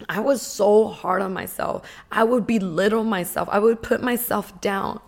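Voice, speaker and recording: A woman speaks at an ordinary pitch, telling her own story as a personal testimony. Her delivery is earnest and emotional, and she slows down and pauses to stress key points. It sounds like a motivational talk.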